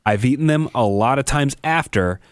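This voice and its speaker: A man's voice: mid-range voice, animated, moderate pace, clear, resonant tone, no room sound, studio quality. A man co-hosting a podcast, chatting in a joking, easygoing way. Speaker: podcast co-host. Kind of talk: casual chat.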